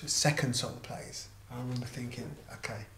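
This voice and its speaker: A man's voice: medium pitch, moderate pace. A middle-aged man telling an anecdote in an interview, acting out the voices of the people in it. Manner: animated, acts out quoted voices. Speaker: interviewed musician and artist manager. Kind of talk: casual anecdotal storytelling. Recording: roomy echo, faint background noise.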